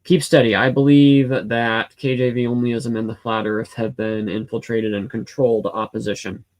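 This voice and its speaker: A man's voice: medium pitch, little pitch movement, normal speed, darkish tone. A man in his home hosts a live question-and-answer stream, reading out viewer comments. His voice sits in an ordinary middle range. He talks in a loose, rambling way, full of fillers and restarts. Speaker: livestream host answering chat questions. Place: home room with a cat.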